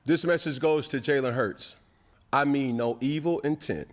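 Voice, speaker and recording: A man hosting a sports talk show, speaking emphatically and deliberately, addressing people directly. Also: mid-range voice. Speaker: show host.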